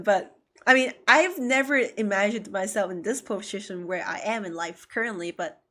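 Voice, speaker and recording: Excitable woman streamer, laughing often. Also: medium pitch, moderate pace. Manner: excitable, laughs often, reads dialogue aloud. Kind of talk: live gaming commentary.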